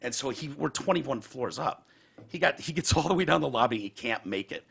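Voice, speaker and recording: A man's voice: medium pitch, expressive, a little fast, gravelly, fairly bright tone, husky. A man hosting a podcast, telling a profane story in casual chat. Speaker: podcast host.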